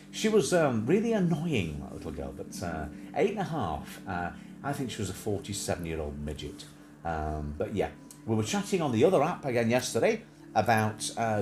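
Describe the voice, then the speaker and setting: A man's voice: medium pitch, a little mellow, echoey room, slight background noise. A man hosting a livestream in casual chat, rambling with many fillers and small asides. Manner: rambling, many fillers, breaks into sung snatches and mimicked accents. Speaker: livestream host.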